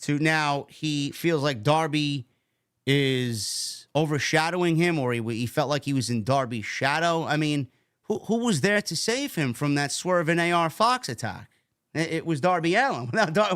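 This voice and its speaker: A man's voice: on the high side, expressive, normal speed, a bit bright. A man casually recapping a wrestling show, rambling and repeating words as he talks. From New York.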